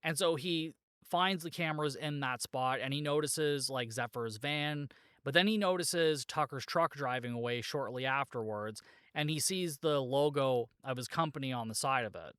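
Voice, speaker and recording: Recorded in a studio with no room sound, a man's smooth, slightly bright, medium-pitched voice moves at a moderate pace. The podcast host casually walks through a movie plot, rambling with lots of fillers and "like," and laughs at his own joking asides.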